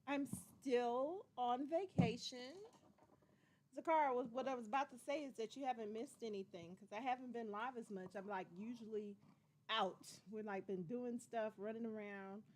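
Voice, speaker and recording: A woman in her forties hosts a casual livestream, her voice pitched high. She chats loosely and playfully, drawls her y'alls and calls out to viewers by name with excitement. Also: measured pace, slight background noise. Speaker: livestream host.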